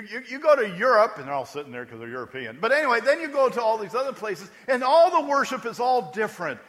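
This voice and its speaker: A man preaching a sermon in a high, lively voice that jumps all over the place. He talks to the congregation as if chatting, with joking asides. His voice is bright and echoes in a large hall. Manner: animated, conversational, joking asides. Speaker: pastor.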